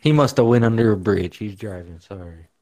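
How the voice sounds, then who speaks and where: A man's voice: on the low side, a little fast, a little mellow. A man co-hosting a casual podcast chat, joking and swearing freely as he banters with the guests. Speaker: podcast co-host.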